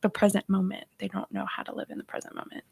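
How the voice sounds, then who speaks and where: A woman counselor on a radio talk show, explaining in a measured way with frequent fillers. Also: mid-range voice, completely flat delivery, vocal fry, a little mellow, breathy edge. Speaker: guest counselor.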